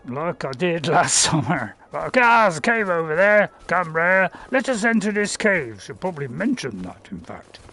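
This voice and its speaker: Man, playful game commentary, rambling with fillers, gravelly voice, bouncy pitch. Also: big pitch swings, normal speed, few pauses, pushed and bright. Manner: chatty and playful, rambling with fillers and self-mocking laughs. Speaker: game streamer. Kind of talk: casual gameplay commentary.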